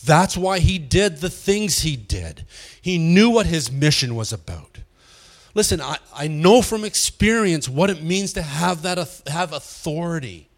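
A pastor leads a Bible study as an informal teaching sermon, asking the room questions and chuckling often. His voice is fairly high, animated and unhurried.

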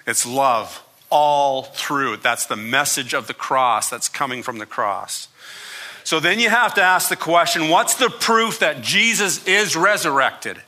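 Casting: emphatic male pastor mid-sermon, slightly high voice, repeats lines for emphasis. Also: lively intonation, measured pace, sharp tone. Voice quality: emphatic, repeats phrases for effect.

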